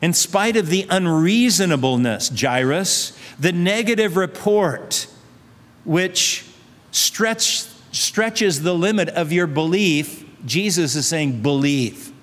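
A man's voice: high-pitched, lively intonation, slow, fairly bright tone. A male pastor preaching a sermon, urging his listeners with repeated phrases and rhetorical questions. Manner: earnest, repetitive exhortation with rhetorical questions. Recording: long reverb of a large hall.

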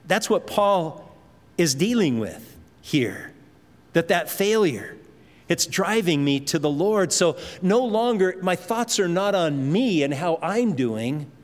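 A man preaching a sermon with emphatic delivery, repeating words and shifting his pace. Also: fairly high pitch. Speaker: pastor. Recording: long hall reverb.

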